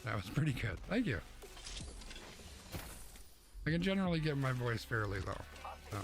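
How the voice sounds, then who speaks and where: Young man, streamer, gravelly voice, rambling casual chat, game music in the background. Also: mid-range voice, very animated, normal speed. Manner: rambling, chatty, answers chat while playing. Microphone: streaming mic through a mixer. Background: game music and game sounds.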